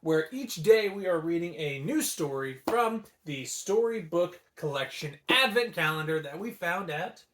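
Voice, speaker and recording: A man hosting a casual read-aloud vlog, animated and jokey, in an echoey room. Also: on the high side, a little slow, few pauses, a little hiss or hum. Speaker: storybook reader.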